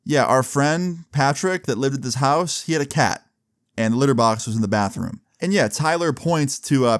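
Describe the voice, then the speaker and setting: A man's voice: mid-range voice, no echo, studio quality. A young man telling a casual, rambling story about a party, full of "like" and "bro" fillers. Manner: rambling, slangy, lots of "like" and "bro".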